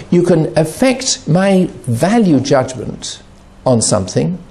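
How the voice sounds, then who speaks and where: Gravelly, animated man talking. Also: on the high side. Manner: animated, acts out quoted voices. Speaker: addiction recovery speaker. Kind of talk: reflective talk on addiction.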